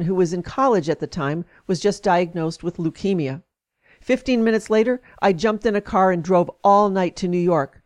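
A woman reading an essay aloud with expressive emphasis, then adding her own comments as a speaker. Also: lowish voice.

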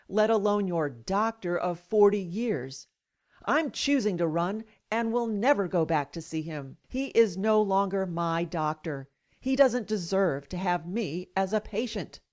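Middle-aged female radio host, scripted first-person commentary, indignant and emphatic delivery. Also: medium pitch.

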